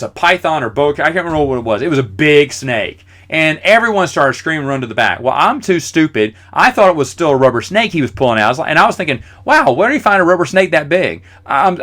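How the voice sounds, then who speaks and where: A man's voice: a little high, big pitch swings, brisk, few pauses, a bit bright. A man in his forties hosting a podcast, telling rambling, self-deprecating stories with lots of fillers. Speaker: podcast host. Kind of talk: casual storytelling.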